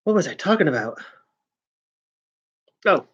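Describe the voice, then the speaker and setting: A man's voice: a little high, big pitch swings, unhurried, a bit bright, breathy edge, dull audio. A man hosting his own vlog in casual chat, rambling along with frequent restarts and sentences that trail off. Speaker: vlogger host.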